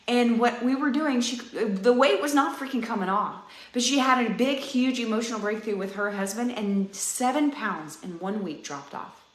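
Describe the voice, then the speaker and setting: Earnest chatty woman coach, roomy sound. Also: on the high side. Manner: earnest, chatty, addresses viewers directly. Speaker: fitness coach. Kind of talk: live-stream pep talk to viewers. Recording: roomy echo.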